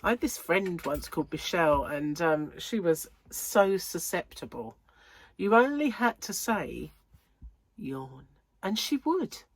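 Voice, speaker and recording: A woman chats away to camera in a slightly low voice, a little stuffy and short of breath. She rambles through stories with frequent giggles. The sound is close and dry, with no room echo. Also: sing-song, measured pace, breathy edge. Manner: chatty, giggly, rambling anecdotes. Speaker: crochet channel host. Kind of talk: casual chat to camera. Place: home room under lights.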